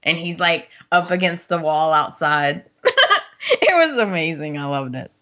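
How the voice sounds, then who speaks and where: A woman's voice: low voice, measured pace, a bit bright, muffled recording. A woman co-hosting a podcast, recapping a soap opera in casual chat, acting out the characters' lines and laughing often. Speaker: podcast co-host.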